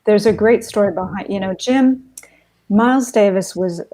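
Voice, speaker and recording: A woman's voice: medium pitch, moderate pace. A woman guest telling stories in a casual interview, laughing often as she goes. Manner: animated anecdotes, laughs often. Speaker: guest, photographer's estate heir.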